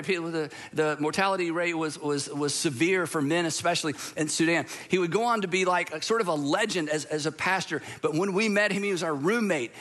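A man's voice: sits high, a bit bright. A middle-aged man, a pastor preaching a sermon in a conversational, storytelling way with asides. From Southern United States.

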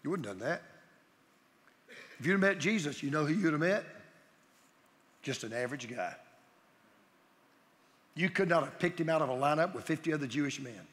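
A middle-aged man preaching, his voice bright and pitched high as he hammers each point with emphatic repetition. The sound carries a long reverb like a big hall. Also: lively intonation, brisk, long pauses. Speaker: pastor. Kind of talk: sermon.

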